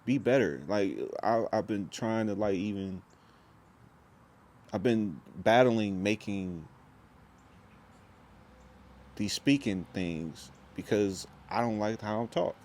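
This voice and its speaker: Deep-voiced man rambling in a vlog. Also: takes it slowly, long pauses, darkish tone. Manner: rambling, restarts, slangy and intense. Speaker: vlogger. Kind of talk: casual monologue vlog.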